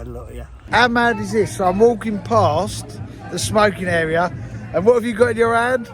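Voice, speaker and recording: A man's voice: sits high, expressive, moderate pace. A man in his fifties, a DJ chatting casually to camera on tour, swearing freely and joking with fans. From England. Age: 50s. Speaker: DJ vlogging a tour. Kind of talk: casual vlog chat. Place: nightclub, indoors. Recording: noisy club crowd behind.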